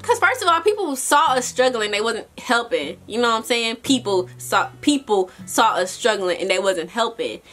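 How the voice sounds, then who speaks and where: A young adult woman vlogger telling a casual story, animated and chatty, talking straight to her viewers. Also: on the high side, moderate pace, few pauses, soft background music.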